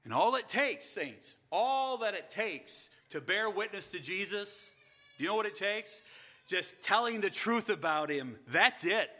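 A middle-aged pastor preaching an earnest sermon and asking the congregation rhetorical questions. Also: male voice, high voice, lively intonation, measured pace, bright, forceful tone.

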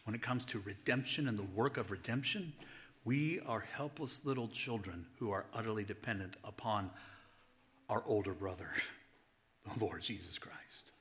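Male pastor, sermon delivery, sharp bright tone, hushed whispers for emphasis. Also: lowish voice, moderate pace. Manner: chuckles between points.

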